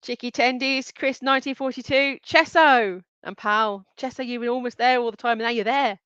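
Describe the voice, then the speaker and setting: A woman's voice: fairly high pitch, steady tone, normal speed, fairly bright tone, smooth, dry recording, highs cut off. A woman hosting a live online quiz, reading out answer options and names in a chatty way and giggling often. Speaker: quiz host.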